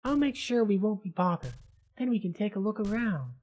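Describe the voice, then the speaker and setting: A gamer voicing a polite young female archaeologist in a high, prim put-on voice, reading lines from a point-and-click game. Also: lively intonation, fairly quick, a little mellow, close to an everyday voice.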